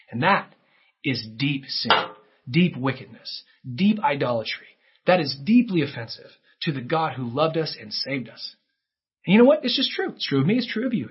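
A man's voice: a little high, slightly rough, muffled recording. A male pastor preaching a sermon, telling stories and acting out the characters' voices. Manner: storytelling with acted-out character voices.

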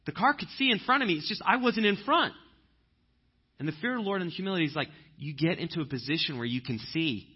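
A man preaching a conversational sermon, telling stories and breaking into loud animated impressions. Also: a little high, fast talker, husky, highs cut off. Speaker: pastor.

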